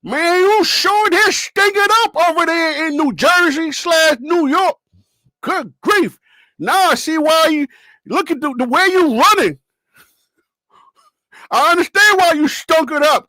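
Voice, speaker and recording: A man's voice: very high-pitched, unhurried, pushed and bright, no echo, voice pushed up, exaggerated voice, rough recording. A man putting on a mocking old country trucker.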